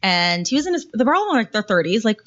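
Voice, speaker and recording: A woman in her thirties tells a story as a guest on a podcast, candid and quick to swear, her speech loose and full of likes. Her voice sits at a middling pitch. The audio is dull and lo-fi. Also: sing-song, fairly bright tone. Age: 30s. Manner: candid, swears freely, many likes and fillers. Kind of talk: casual storytelling.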